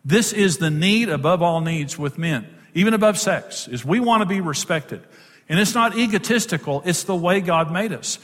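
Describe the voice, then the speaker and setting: A man's voice: high-pitched, lively intonation, moderate pace, fairly bright tone. A man giving an emphatic teaching talk on marriage to an audience, repeating key words for stress. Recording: long hall reverb.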